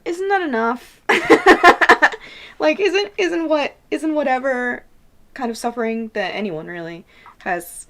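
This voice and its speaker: Slow, reflective woman who laughs often. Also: fairly high pitch, fairly bright tone. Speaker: podcast co-host. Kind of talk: casual chat.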